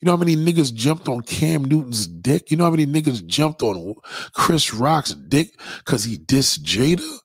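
A man's voice: medium pitch, animated, moderate pace, breathy edge, no echo, studio quality. A man hosting a blunt, profane ranting monologue to his viewers. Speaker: host.

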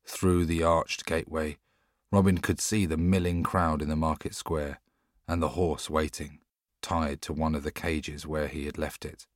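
A man narrating an audiobook in a measured, steady storytelling manner. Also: rumbling low, no room sound, clean studio sound. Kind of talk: scripted narration.

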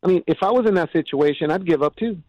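A man's voice: a little high, quick pace, no room sound, lo-fi sound. A middle-aged man, a mayor and guest, telling stories in an interview and acting out what people said. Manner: animated storyteller, acts out quotes. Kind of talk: storytelling interview talk.

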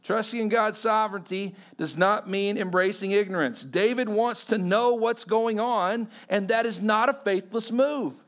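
A pastor giving a sermon in a conversational way, often quizzing the congregation. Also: male voice, sits high, normal speed, few pauses.

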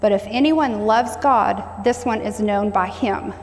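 A woman preaches a sermon in call-and-response style, stressing and repeating key phrases and asking the congregation to say them back. Her mid-range voice is gravelly, with a steady tone and a measured pace. A long hall reverb fills the recording.

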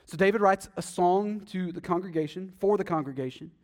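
A man preaching a sermon, emphatic and swinging between loud stresses and hushed, intimate asides. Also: sits high, brisk. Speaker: pastor.

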